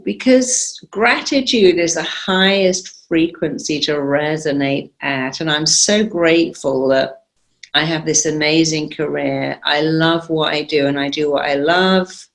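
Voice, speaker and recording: A woman's voice: low-pitched, unhurried. A middle-aged woman therapist being interviewed, telling stories with an emphatic, confident manner. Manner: emphatic, confident, animated retelling. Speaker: therapist and guest. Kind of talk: conversational interview storytelling.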